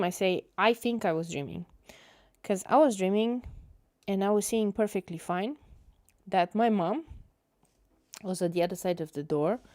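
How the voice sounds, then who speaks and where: A woman's voice: mid-range voice, mellow, no room sound, clean studio sound. A young woman hosting an art livestream, telling a story in a chatty, rambling way with many fillers. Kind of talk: casual storytelling while painting.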